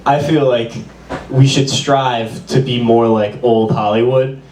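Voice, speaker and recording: A man's voice: mid-range voice, steady tone, measured pace, a little mellow, a little hiss or hum. A man doing a stand-up comedy set, with a loose, rambling delivery full of "like". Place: small bar performance room. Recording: roomy, distant, with audience.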